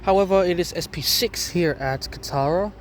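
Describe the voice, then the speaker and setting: A man's voice: high-pitched, normal speed, slight background noise. A young Australian man vlogging about trains, rambling outdoors on a station platform with fillers and restarts, a lozenge in his mouth. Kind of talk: casual walking commentary.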